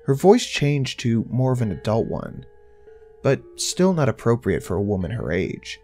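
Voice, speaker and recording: Man telling a creepy story first person, tense and lively pitch, soft music under it. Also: moderate pace, creaky. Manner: tense, intense, swearing. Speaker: horror story narrator. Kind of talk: first-person horror narration.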